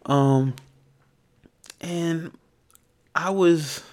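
A man's voice: fairly high pitch, very slow. A man hosting his own podcast, telling a story in a casual monologue and ranting with plenty of profanity. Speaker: podcast host.

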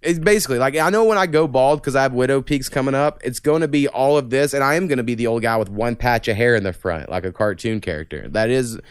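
A man's voice: medium pitch, fast talker, few pauses, clean tone, no echo, studio quality. A young man hosting a podcast, rambling through stories with lots of swearing. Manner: profane, rambling storytelling. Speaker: podcast host. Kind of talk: casual podcast chat.

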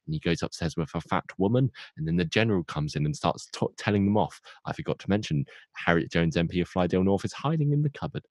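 Deep-voiced young man recapping. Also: lively intonation, no room sound. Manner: rambling, jokey storytelling with quick asides. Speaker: podcast co-host. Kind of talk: casual plot recap.

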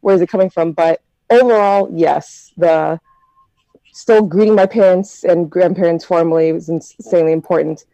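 American woman, mellow low voice, dry close sound, chatty storyteller in a group talk. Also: steady tone, normal speed, no room sound, low-quality recording. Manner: chatty, reflective storytelling with many fillers. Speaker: discussion participant. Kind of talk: casual group discussion.

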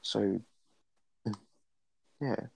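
A man's voice: very slow, a little mellow. A young man, rambling through stories full of swearing and fillers as co-host of a casual late-night podcast.

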